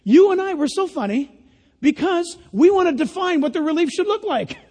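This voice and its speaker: An older man preaching a sermon as pastor of his church, animated and folksy, acting out the voices he quotes. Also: very high-pitched, normal speed. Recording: long reverb of a church hall.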